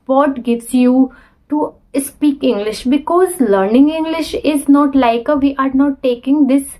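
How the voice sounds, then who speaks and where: A woman's voice: sits high, a little slow, mellow, rough recording. Earnest young Indian woman vlogging. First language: Hindi. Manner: earnest, self-correcting learner English with frequent restarts. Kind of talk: casual talk to camera. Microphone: phone camera.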